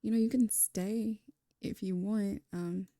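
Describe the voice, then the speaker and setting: A woman voicing a gentle, polite young man in her life-sim game story. He talks hesitantly, with many ums. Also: mid-range voice, steady tone, takes it slowly.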